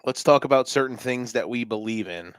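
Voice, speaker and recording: A man co-hosting a sports podcast, talking fast and animated with swearing and jokes. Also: mid-range voice, clean tone, dry recording. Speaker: podcast co-host. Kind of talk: excited sports talk.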